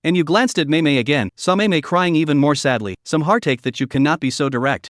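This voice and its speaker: A man's voice: on the high side, fast, no echo, clean studio sound. A man narrating a comic story recap, reading the story and all its parts.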